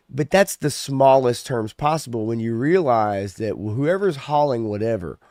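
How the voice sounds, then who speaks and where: A man's voice: mid-range voice, animated, a little slow, few pauses, darkish tone, no echo, clean studio sound. A man co-hosting a casual podcast, talking in a loose, ranting way with plenty of swearing. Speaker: podcast co-host. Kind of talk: casual chat.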